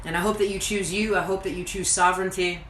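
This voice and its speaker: A woman's voice: lowish voice, fairly even intonation, fast, a bit bright, roomy sound, slight background noise, low-quality recording. A woman host and coach giving an earnest, reflective motivational talk straight to her viewers on a livestream. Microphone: livestreamed to social media.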